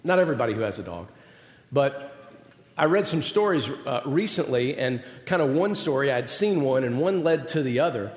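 A man's voice: medium pitch, lively intonation, moderate pace. Man preaching in an echoing hall. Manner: conversational, self-deprecating storytelling. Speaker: pastor. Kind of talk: sermon with personal stories. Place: large hall with an audience. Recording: roomy hall with long reverb.

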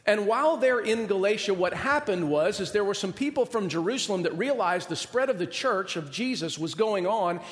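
A pastor preaches a sermon in a voice that is high for a man, animatedly telling a story and acting out its characters. He talks at normal speed with hardly any pauses, and the hall gives a long reverb.

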